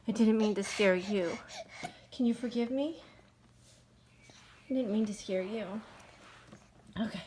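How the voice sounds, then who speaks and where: A woman's voice: mid-range voice, steady tone, normal speed, long pauses, heavy background noise. A young mother filming a casual home video, talking in a panicky, nervous way with swearing and jittery laughter. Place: inside a house.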